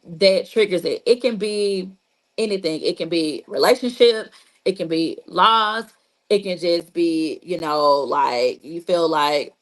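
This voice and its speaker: In a low-quality recording, a woman with a lowish voice speaks as a therapist on healing from trauma. She is an adult with a child, and her teaching talk is casual and repetitive, aimed right at listeners and sprinkled with "you know" and "like."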